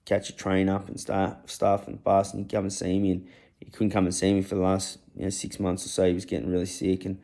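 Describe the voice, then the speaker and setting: Young man, dark gravelly tone, blunt rambling storyteller who swears a lot. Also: low voice, monotone, fairly quick. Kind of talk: raw personal storytelling.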